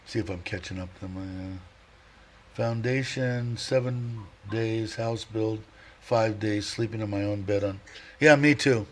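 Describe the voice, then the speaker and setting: A middle-aged man chats his way through a livestream in a somewhat low voice, rambling, chuckling often and doubling back to restart his thoughts. A faint hum of ambient noise sits behind him. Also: slow. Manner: rambling and chatty, laughs often, many fillers and restarts. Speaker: livestream host. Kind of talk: casual livestream chat.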